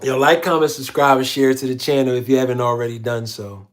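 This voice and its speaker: A man's voice: medium pitch, fairly even intonation, fairly quick. A man hosting a casual livestream, reading viewer comments aloud in a slangy, laid-back way. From Philadelphia. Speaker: livestream host.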